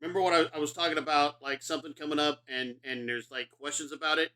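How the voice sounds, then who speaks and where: A man's voice: fairly high pitch, fairly even intonation, fast talker, pushed and bright. A middle-aged man streaming a video game, rambling and profane in casual commentary, self-mocking as he talks.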